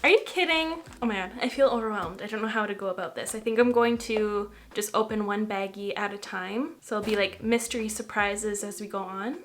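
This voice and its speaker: A young woman from Canada, a makeup vlogger chatting casually on camera, bubbly and gushing with excitement. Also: mid-range voice, brisk, few pauses, a little hiss or hum. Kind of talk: casual beauty vlog chat.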